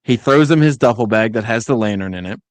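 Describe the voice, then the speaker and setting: A man's voice: lowish voice, fast talker, no echo. A man co-hosting a podcast, chatting casually in a review, acting out characters' lines as he recaps. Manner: animated, acts out quotes in voices. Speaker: podcast co-host.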